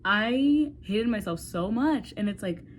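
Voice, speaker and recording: A woman's voice: medium pitch, animated, unhurried, slight background noise. A woman in her twenties talking candidly to her phone in a rambling, casual vlog, swearing freely and saying "like" often. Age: 20s. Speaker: vlogger. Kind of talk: casual talk to camera.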